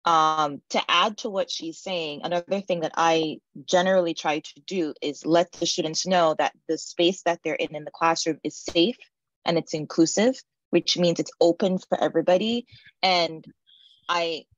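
Woman teacher on panel, very low voice, measured, dull lo-fi sound. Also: fairly even intonation, no room sound. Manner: measured, agreeing, some restarts. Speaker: instructor on a panel. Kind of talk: panel discussion. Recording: dull low-fidelity audio.

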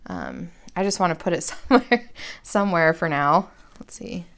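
Woman, 30s, lowish voice, rambling self-deprecating craft vlogger talking at her desk. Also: big pitch swings, moderate pace, vocal fry, a bit bright. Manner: chatty, rambling and self-deprecating, with slangy asides. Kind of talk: casual craft tutorial chat.

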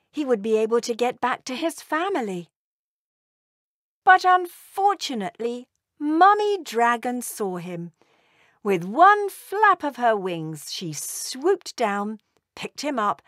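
A woman narrating a children's storybook in a slow, expressive read-aloud manner. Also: fairly high pitch, no room sound, clean studio sound.

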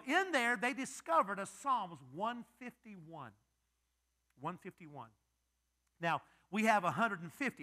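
A male pastor preaching a lively sermon, joking and quizzing his congregation. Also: sits high.

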